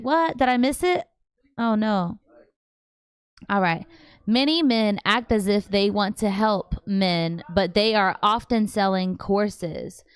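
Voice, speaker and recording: A woman hosting a casual livestream from home, reading viewer questions and answering them in a chatty, animated way with slangy asides. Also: medium pitch, clear, resonant tone, no echo. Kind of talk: casual live chat.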